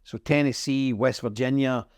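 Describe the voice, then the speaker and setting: A man's voice: fairly even intonation, normal speed, a little mellow, smooth, no room sound, clean studio sound. A middle-aged Northern Irish man, an interview guest telling history in an emphatic, storytelling way. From Northern Ireland. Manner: emphatic, storytelling, swings in pitch. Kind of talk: conversational interview.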